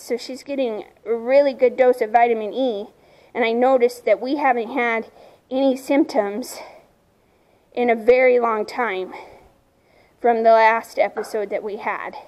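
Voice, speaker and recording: Outdoors at her farm, a woman vlogs casually to camera about her horse, chatty and occasionally speaking to her animals between remarks. She's a horse owner, and her voice is on the high side and a little mellow, though the recording is muffled.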